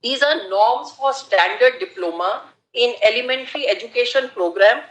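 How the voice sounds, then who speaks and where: A woman making a formal, deliberate argument to a court as an advocate. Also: a little high, a bit bright. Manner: deliberate, formal, addresses the bench as my lords. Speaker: advocate arguing before the court. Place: large courtroom. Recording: roomy courtroom sound.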